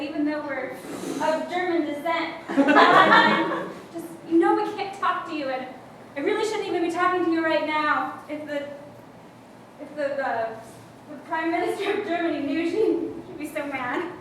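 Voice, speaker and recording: A woman's voice: extremely high pitch, moderate pace, fairly bright tone, slight background noise. A woman playing a sweet but scheming mother who is a secret spy, in an improv comedy scene, heard from far off in an echoey hall. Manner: sweet, fumbling, giggly.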